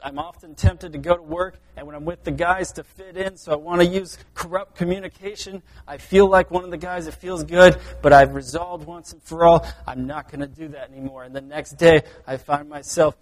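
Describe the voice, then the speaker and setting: A man preaching a sermon, earnest, swinging between loud emphasis and quiet asides. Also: a little high, fairly even intonation, a little fast, few pauses. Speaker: pastor.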